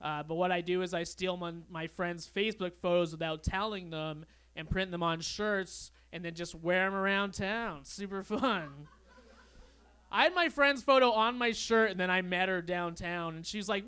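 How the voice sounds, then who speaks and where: High, smooth-voiced young comedian. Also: male voice, normal speed. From Canada. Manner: deadpan, awkward storytelling. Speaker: stand-up comedian. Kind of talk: stand-up comedy set. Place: comedy club stage.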